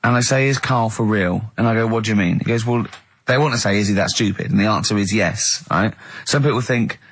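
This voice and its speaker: A man with an English accent hosting a comedic radio show, telling stories with animated disbelief and frequent laughter. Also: lowish voice, brisk, slight background noise. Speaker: radio host.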